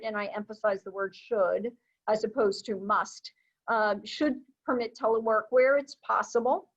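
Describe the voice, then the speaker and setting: A woman's voice: on the high side, normal speed. A woman presenting a recorded training webinar, explaining in a conversational way with frequent fillers. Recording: dull, lo-fi webinar audio.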